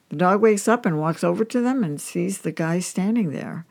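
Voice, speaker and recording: A woman's voice: lowish voice, normal speed, hardly any pauses, a little mellow. Chatty woman host telling jokes. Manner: chatty, amused, storytelling.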